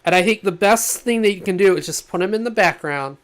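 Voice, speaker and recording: A man co-hosting a podcast in casual chat, animated and laughing often as he pitches ideas. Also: fairly quick. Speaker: podcast co-host.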